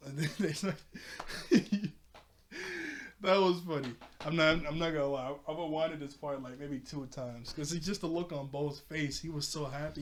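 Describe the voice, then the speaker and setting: A man's voice: fairly high pitch, steady tone, normal speed, a little hiss or hum. Chatty man recapping a cartoon episode. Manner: chatty, laughs often, fills with "like". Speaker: TV episode reviewer. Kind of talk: casual recap and commentary.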